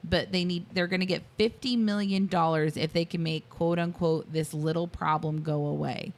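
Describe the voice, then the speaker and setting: A woman's voice: lowish voice, normal speed. A woman co-hosting a podcast, recapping a movie in casual chat, giggling often and acting out the characters' lines as she tells the story. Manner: giggly, animated storytelling with quoted voices. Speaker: podcast co-host.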